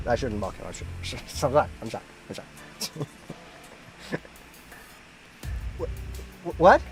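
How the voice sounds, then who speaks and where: A man's voice: sits high, very animated, unhurried, long pauses, over music. A man streaming a game, chatting casually, laughing often and exclaiming at the screen.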